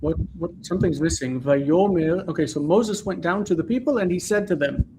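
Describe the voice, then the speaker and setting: A man's voice: high-pitched, a little fast, noisy background. A man teaching a Hebrew Bible class on a video call, explaining patiently and often checking that his students follow.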